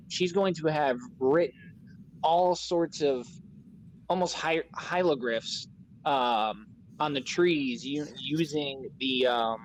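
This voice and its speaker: A man's voice: mid-range voice, slight background noise, rough recording. A man narrating as game master in a tabletop game, talking casually and rambling with lots of fillers.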